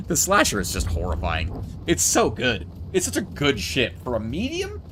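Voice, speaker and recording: A man giving relaxed, chatty commentary while playing a building game, joking with his chat as he goes. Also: mid-range voice, measured pace, noisy background. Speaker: gameplay streamer.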